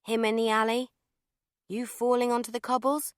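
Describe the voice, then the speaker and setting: A woman's voice: on the high side, flat delivery, moderate pace, smooth, no room sound, studio quality, voice pushed up, close to an everyday voice. A woman reading an audiobook, voicing an anxious young woman who pleads and turns tearful. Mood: distraught. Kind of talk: audiobook character voice.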